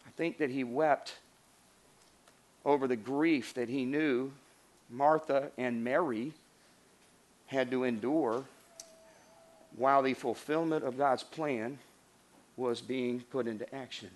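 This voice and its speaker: A man preaching a sermon as pastor, earnest, rising to emphatic lines and dropping to soft hushed passages. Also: mid-range voice, takes it slowly, pauses often.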